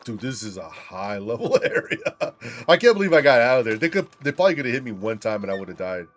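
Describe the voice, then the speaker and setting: This medium-pitched man is a fast talker who hosts a gaming channel. He plays while chatting casually, swearing and telling stories with animated energy.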